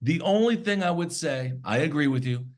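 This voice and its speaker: A man's voice: on the high side, lively intonation, moderate pace. A man guesting on a podcast, chatting in an easygoing, self-deprecating, joking way. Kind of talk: casual chat.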